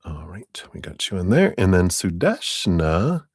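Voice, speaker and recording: Deep-voiced, slow-talking male tarot reader. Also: big pitch swings, slight background noise. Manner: rambling, many "you know" fillers, chuckling. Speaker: tarot reader hosting a live stream. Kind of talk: live tarot reading, casual chat.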